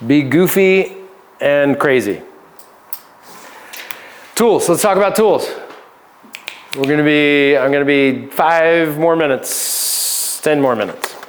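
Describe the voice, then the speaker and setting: A male pastor with a notably high voice teaches a seminar on relationships. He talks casually and jokes with his listeners. He laughs often and keeps checking in with a quick "right?". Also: a little hiss or hum. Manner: conversational, keeps asking "right?".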